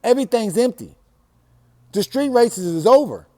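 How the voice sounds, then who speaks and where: A man from Los Angeles hosts a storytelling show, recounting his own story in a casual, profane way. His voice sits high and swings between hushed and loud. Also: expressive, normal speed. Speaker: storytelling host.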